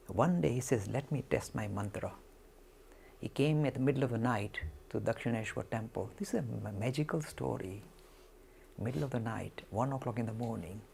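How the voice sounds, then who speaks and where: A man giving a spiritual talk, telling a story in an animated way and acting out the quotes. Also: medium pitch, creaky, a little hiss or hum. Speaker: lecturer.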